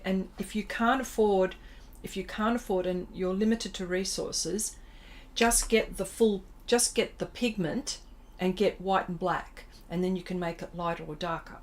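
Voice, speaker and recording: A woman's voice: medium pitch, measured pace, a little mellow. A middle-aged woman, hosting an art livestream and chatting casually with viewers as she draws, reading their comments aloud in a self-deprecating way. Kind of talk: casual chat while drawing.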